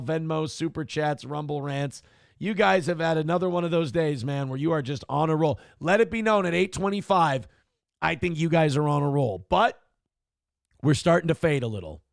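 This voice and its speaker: A man's voice: on the high side, lively intonation, normal speed, creaky, dry recording, clean studio sound. A man hosting a casual morning livestream show, reading viewer chat aloud in a brash, profane, mocking way. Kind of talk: casual, crude livestream talk.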